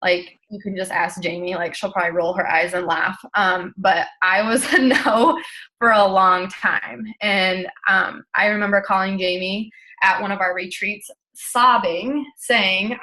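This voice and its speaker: A young woman talks to her team in a chatty, earnest way, her voice bright and clear. She fills her sentences with frequent ums as she speaks. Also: mid-range voice, steady tone, a little slow, poor audio. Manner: chatty, earnest, many fillers. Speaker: network marketing team leader. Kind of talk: casual motivational talk.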